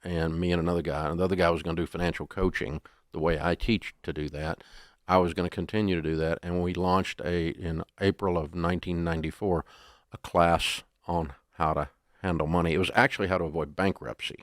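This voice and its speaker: A middle-aged man, telling stories in a folksy, animated way as an interview guest. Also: sits low, a little fast, dry recording, studio quality. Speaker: guest, business founder. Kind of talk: storytelling interview.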